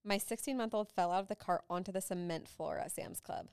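Smooth-voiced young woman, chatty podcast host. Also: lowish voice, a little fast, darkish tone, no echo, studio quality. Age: young adult. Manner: chatty, frequent "like" fillers, laughing asides. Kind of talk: casual chat.

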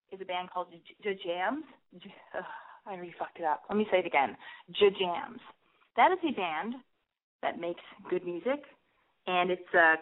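A woman hosting a call-in advice show, talking in a brash, profane, rambling way with a noticeable lisp. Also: medium pitch. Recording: tinny phone-like sound.

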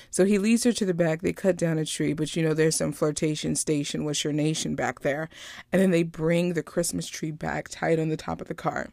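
A woman casually recapping a movie, chatty and animated, drifting into personal stories. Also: low voice, fairly quick, creaky, dry recording, studio quality. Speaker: vlogger reviewing a movie.

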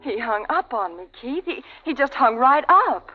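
A gushing young bride, high and bubbly, muffled old radio sound. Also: female voice, sing-song, normal speed, over loud music. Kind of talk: 1940s radio acting. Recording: dull old radio broadcast.

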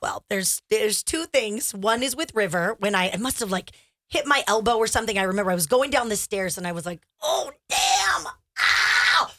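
Bright-voiced woman in her thirties, expressive. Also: medium pitch, a little fast. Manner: laughing, expressive. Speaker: podcast co-host. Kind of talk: casual storytelling. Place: studio.

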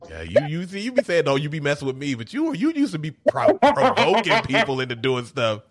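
A man in casual movie commentary chat, animated, often putting on the characters' voices and laughing. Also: fairly high pitch, a little fast. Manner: animated, mimics characters in quoted asides, swears, laughs often.

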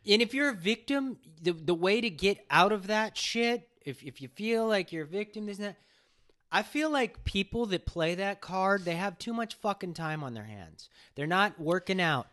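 A man's voice: high voice, lively intonation, normal speed, a bit bright. A man on a podcast talking bluntly and casually, swearing freely as he agrees and adds his view. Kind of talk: casual chat.

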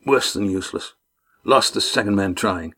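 A sly, worn-out sailor, voiced by a narrator drawls in rough, dropped-letter speech. He sounds shifty and unhurried in this storybook reading. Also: on the low side, sharp tone.

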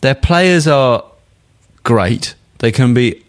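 A man's voice: mid-range voice, animated, takes it slowly. A man co-hosting a casual football podcast, blunt and jokey, swearing freely. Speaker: podcast co-host.

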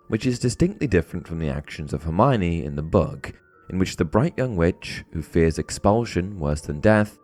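Deep-voiced man narrating with drama. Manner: expressive storytelling with dramatic emphasis. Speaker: host of a fan explainer channel. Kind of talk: scripted narration.

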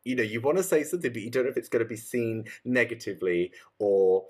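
A man's voice: medium pitch, fast, husky. An English man with an accent mixing northern and southern England, chatting casually as a podcast co-host. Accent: English, mix of northern and southern. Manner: chatty, laughing, swearing casually. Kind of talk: casual chat.

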